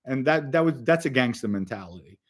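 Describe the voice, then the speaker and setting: A man with a voice of ordinary pitch tells stories in a loose, casual way. He talks bluntly and swears often, pressing hard on his points as he turns to speak straight to young listeners. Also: lively intonation, fairly quick. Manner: blunt, profane, emphatic; direct address to young listeners. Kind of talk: casual storytelling.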